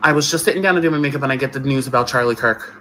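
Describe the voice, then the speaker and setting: A woman's voice: a bass voice, rapid-fire, a bit bright, a little hiss or hum, low-quality recording. An angry woman ranting confrontationally, repeating herself.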